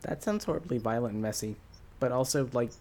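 A woman's voice: extremely low pitch, animated, a little fast, warm tone. A woman playing a tabletop game, talking in an easygoing, musing way. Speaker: player. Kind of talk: casual tabletop game play.

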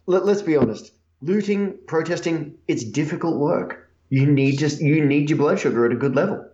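Casting: casual game-master host, joking and hesitant; roomy, slightly dull recording. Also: male voice, on the high side, normal speed, dark tone. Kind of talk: casual tabletop game narration.

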